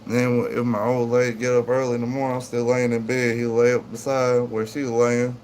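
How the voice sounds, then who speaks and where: A laid-back man with a drawl, rambling through a casual livestream chat from home. His voice sits at an ordinary middle pitch and wanders easily between talking to viewers and fussing over his dog. A faint air-conditioner hum runs underneath. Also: flat delivery, fairly quick, a little mellow. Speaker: livestream host.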